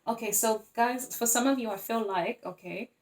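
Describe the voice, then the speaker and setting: A woman giving a casual tarot reading to her viewers, chatty and animated, acting out little scenes and laughing often. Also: fairly high pitch, normal speed. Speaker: tarot reader.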